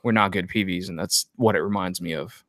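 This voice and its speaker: A man's voice: low-pitched, a little fast, fairly bright tone, no room sound, clean studio sound. A man co-hosting a casual podcast, bluntly giving his opinions on music videos in a chatty way full of fillers. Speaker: podcast co-host.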